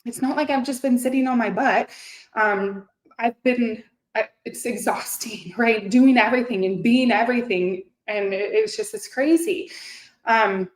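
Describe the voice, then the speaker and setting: A woman in her thirties speaks straight to her viewers in an earnest, chatty way, full of little fillers and restarts. Her voice sits a bit high. The room around her gives it a noticeable echo. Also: unhurried. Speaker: host. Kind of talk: casual motivational talk to camera. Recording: echoey room.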